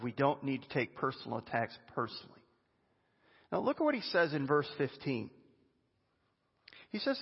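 A man preaching a sermon as a pastor, animated and conversational, with chatty asides. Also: medium pitch, breathy edge. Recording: dull lo-fi sound with long reverb in a hall.

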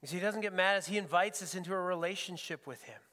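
A man's voice: high-pitched, fast, sharp tone, in a large hall. A man preaching as a pastor, earnest and often repeating words as he searches for the phrasing. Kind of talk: sermon. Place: church sanctuary.

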